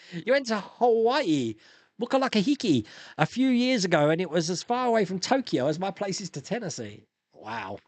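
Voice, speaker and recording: A man's voice: sits high, normal speed, no room sound. A man in his fifties from England, hosting a casual live stream, chatting and reading out viewer comments with frequent laughs. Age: 50s. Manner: chatty, animated, laughs often.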